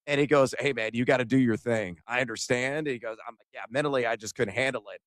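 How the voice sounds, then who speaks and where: Male radio co-host, animated storyteller, dry close mic, mid-range voice. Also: medium pitch, fast talker, no echo. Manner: animated storyteller, acts out quoted exchanges. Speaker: sports radio co-host reporting from an event. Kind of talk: excited sports radio storytelling.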